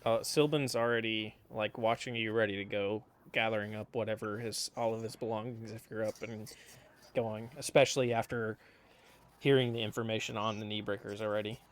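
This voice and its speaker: A man playing a formal, measured character in a tabletop game. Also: on the low side, steady tone. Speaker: player.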